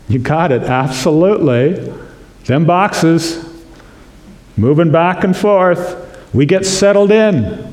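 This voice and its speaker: A man preaching a sermon as pastor, slow and earnest, acting out prayers in quotes. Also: on the high side, a little mellow. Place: church sanctuary. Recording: echoey church room.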